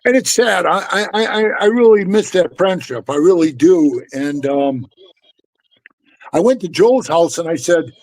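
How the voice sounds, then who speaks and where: A middle-aged man tells stories in a loose, blunt way, swearing freely and calling his listener "bro". His voice sits high for a man. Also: animated, a little slow, darkish tone, rough recording. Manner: blunt, profane, keeps saying "bro". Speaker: former motorcycle club member telling stories. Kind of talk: casual storytelling chat.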